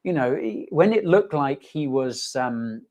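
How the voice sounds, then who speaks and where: A man hosts a casual livestream in an easygoing, jokey way. He rambles, restarts sentences and fills pauses with ums. He pokes fun at himself as he chats with viewers. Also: a little high, expressive, a little mellow. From United Kingdom. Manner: chatty, rambling, with many fillers and restarts; jokey, self-mocking, reading viewer comments aloud. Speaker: host.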